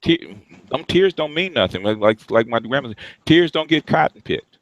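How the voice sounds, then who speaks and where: A man's voice: mid-range voice, lively intonation, moderate pace, no room sound, dull audio. A middle-aged man talking bluntly in casual chat as a host, with frequent restarts and repeated words.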